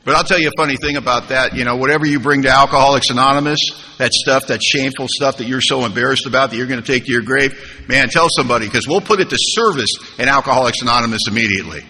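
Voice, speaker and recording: Guy telling his story at a recovery meetup, very bright sharp voice, big echoey hall, bit of room hiss. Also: mid-range voice, fast talker. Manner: humorous, conversational, asks the room rhetorical questions. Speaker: recovery meeting speaker. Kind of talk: storytelling talk at a recovery convention. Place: large conference hall. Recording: hall reverb, faint room noise.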